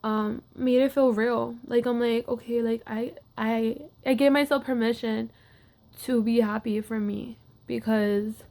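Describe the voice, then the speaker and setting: A woman's voice: on the high side, steady tone, unhurried, creaky, darkish tone. A young woman athlete casually telling a personal story to camera, with lots of filler words. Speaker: wrestler.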